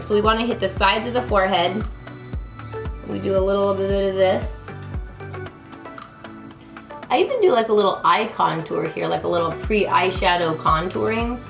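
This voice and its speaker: A woman's voice: medium pitch, roomy sound. A woman in her thirties chatting through a makeup tutorial, bubbly and talking straight to her viewers. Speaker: beauty vlogger.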